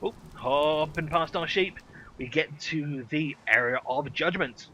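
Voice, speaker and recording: A man's voice: on the high side, a little slow, sharp tone, slight background noise, low-quality recording. A man hosting a game review, narrating over gameplay in an enthusiastic, playful way. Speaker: host.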